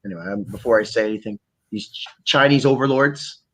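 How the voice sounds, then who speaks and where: A man from Canada hosting a podcast, talking in a rambling, profane, animated way. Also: mid-range voice, quick pace. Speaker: podcast host. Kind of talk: casual chat.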